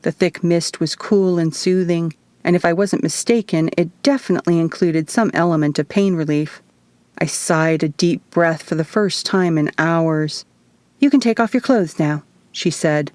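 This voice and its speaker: A woman reads her own novel aloud in the first person. Her voice sits on the low side and she tells the story at a measured, even pace. The sound is dry and close, with no room echo. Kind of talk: audiobook narration.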